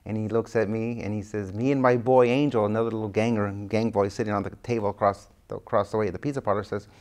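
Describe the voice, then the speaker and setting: This guest author, interviewed about his work, has a lowish, darkish voice and talks fast with a flat delivery. Even so, he tells his stories animatedly, performing the lines of dialogue he repeats.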